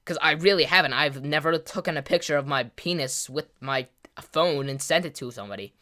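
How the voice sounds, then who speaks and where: A teenage boy casually telling a personal story for a video, jumping between loud exclamations and low mumbling. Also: fairly quick. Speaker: gaming video creator.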